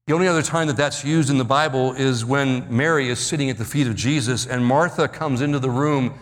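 A man preaching a sermon, dramatically acting out Bible quotes and slowing down to stress key words. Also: mid-range voice, in a large hall. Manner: dramatic, acts out Bible quotes, slows for emphasis. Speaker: pastor.

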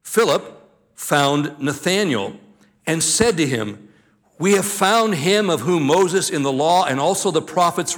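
A man's voice: fairly high pitch, a bit bright. Older male pastor preaching. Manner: reads scripture then preaches with deliberate slowed emphasis. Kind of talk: sermon.

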